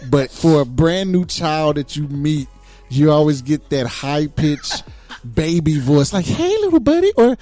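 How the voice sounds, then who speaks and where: A man's voice: fairly high pitch, steady tone, a little slow, a little mellow, faint music behind. A man co-hosting a podcast, chatting casually with lots of laughter and easy agreement. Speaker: podcast co-host. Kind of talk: casual chat.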